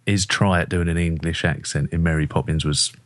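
A man's voice: low voice, fairly even intonation, fairly quick, no room sound. A man guesting on a casual podcast chat, rambling and self-deprecating with many restarts. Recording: dry close audio.

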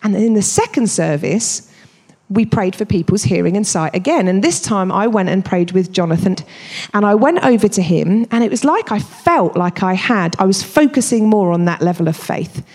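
A woman's voice: mid-range voice, normal speed. Emphatic woman preaching in an echoing hall. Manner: expressive, emphatic storytelling. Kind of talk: sermon. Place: church. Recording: reverberant church hall.

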